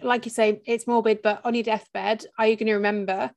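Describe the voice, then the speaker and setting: A woman hosting a podcast, speaking in a reflective, soft way in casual chat, often trailing off quietly. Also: fairly high pitch, level tone, brisk. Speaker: podcast host and burnout coach.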